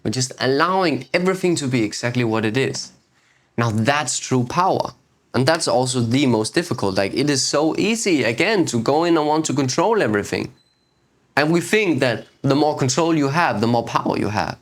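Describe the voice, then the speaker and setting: Hosting his own video series, a man delivers a reflective talk on spiritual teaching in an animated, medium-pitched voice. His pace is unhurried, and he keeps returning to key phrases and asking rhetorical questions.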